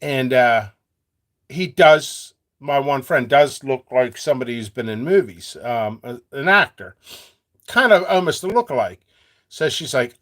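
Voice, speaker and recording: This seed seller and channel host has a lively pitch and speaks at a measured pace. He chats casually and freely with viewers, rambling, cracking jokes, and laughing a lot.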